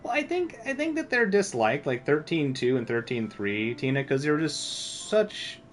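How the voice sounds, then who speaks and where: A man's voice: on the high side, big pitch swings, normal speed, soft background music. A man streaming a video game, chatting casually in a rambling, self-deprecating way full of filler words. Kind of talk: casual gameplay commentary.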